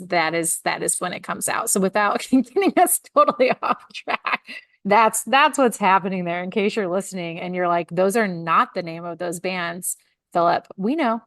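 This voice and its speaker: A woman's voice: lowish voice, fairly bright tone, no room sound, studio quality. A woman co-hosting a consulting podcast, chatting casually with colleagues, often laughing and filling with "like".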